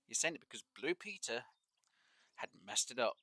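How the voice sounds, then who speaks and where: A man's voice: mid-range voice, big pitch swings, a little fast, sharp tone, dry recording. A man chatting casually and at length while streaming a fishing game, opinionated and rambling with lots of fillers. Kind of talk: casual live-stream chat while gaming.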